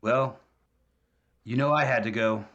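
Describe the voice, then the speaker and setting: A man's voice: medium pitch, measured pace, a bit bright, highs cut off, lightly acted. A man playing a weary young male dwarf adventurer, blunt and easygoing.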